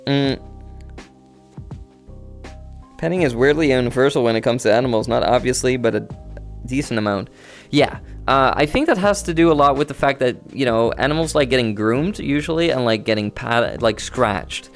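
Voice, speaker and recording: A man's voice: medium pitch, animated, fairly quick. A man livestreaming from home in VR, chatting casually with his viewers in an easygoing, rambling way. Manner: easygoing, rambling, talks to chat. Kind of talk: casual stream chat with viewers. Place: home streaming setup, playing in VR. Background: faint background music.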